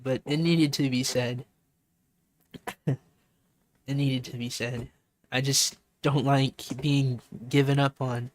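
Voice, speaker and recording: A man streaming, talking in a rambling, sincere way, full of "like" and "you know" and repeated phrases. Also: mid-range voice. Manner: sincere and open. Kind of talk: casual heartfelt stream talk.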